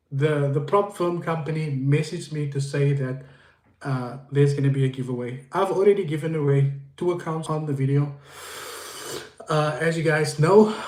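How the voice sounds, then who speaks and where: A man's voice: on the high side, darkish tone. A man hosting a casual livestream, greeting viewers by name and repeating himself as he rambles. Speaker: livestream host. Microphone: phone. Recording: echoey room.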